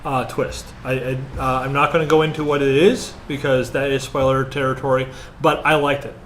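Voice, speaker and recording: A man co-hosting a casual movie review chat, rambling and hesitant with lots of fillers, then growing animated. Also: mid-range voice, fairly quick, a little hiss or hum. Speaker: podcast co-host.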